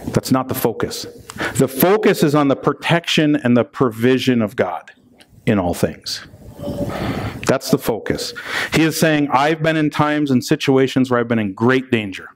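A man's voice: medium pitch, animated, normal speed. A man preaching a sermon as a pastor in a conversational way, reading scripture and joking between passages, often checking in with "right?".

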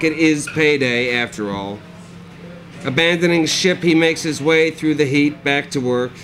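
A man reading his own dark comic prose aloud at a live cafe reading, with a dry, sardonic delivery. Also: fairly high pitch, a little hiss or hum, low-quality recording.

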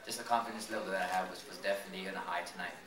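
A man's voice: deep voice, steady tone, racing, crowd noise. A man, a professional boxer, talking earnestly in a post-fight interview, often restarting his sentences. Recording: roomy and noisy from far off.

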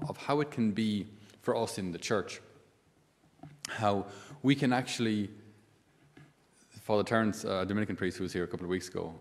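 A man's voice: on the low side, big-room sound. A man, a priest giving a conversational sermon full of asides and rhetorical questions.

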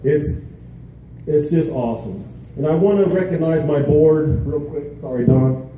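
A veteran speaking at an outdoor charity gathering, his voice deep and mellow in tone but pitched a little high. He talks haltingly, with pauses and fillers. The sound is echoey and distant, with a faint hiss behind. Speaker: veteran and peer mentor. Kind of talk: emotional speech at a charity event. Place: outdoor event in a canyon.

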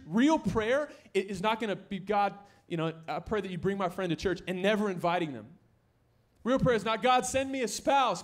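Energetic young male pastor preaching. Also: sits high. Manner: energetic, joking, rising to near-shouts for emphasis. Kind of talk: sermon. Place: church sanctuary.

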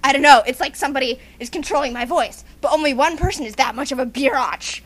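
A woman's voice: sits high, fast talker, few pauses. A woman doing a silly, exaggerated comedic parody dub of an anime scene, often breaking into giggles. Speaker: fan dubber.

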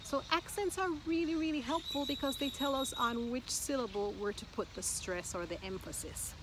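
A woman giving a slow, clear language lesson, encouraging the listener and repeating words carefully. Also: high voice, very noisy. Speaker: Spanish teacher. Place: outdoors in Mexico.

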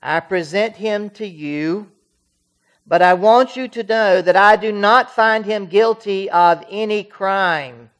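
A church reader voicing the Roman governor in a scripture reading, declaiming his lines loudly. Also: mid-range voice, slow pace, pitched above the performer's own voice. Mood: proclaiming. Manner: declaiming, rising to loud proclamations. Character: Roman governor Pilate, stern and uneasy.

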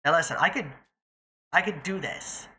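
A young adult streamer rambling through a live gameplay session with a bright, forceful voice. They talk to themselves and their chat in a loose, casual way and swear freely. The pitch sits in a middle range. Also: normal speed. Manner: chatty, profane, talks to self and chat.

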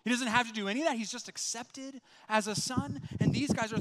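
A man with a high, bright, forceful voice delivers a sermon, throwing himself into the story and voicing the people in it. His words carry through a large church hall with a long, ringing reverb. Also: fairly quick, few pauses. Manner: animated storytelling, voices quoted characters. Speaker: pastor. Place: church sanctuary.

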